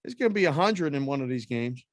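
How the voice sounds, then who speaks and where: A man's voice: medium pitch, quick pace, no echo. Man in dry close-mic podcast chat. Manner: animated, jokey, self-mocking. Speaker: sports betting podcast co-host. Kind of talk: casual sports betting chat.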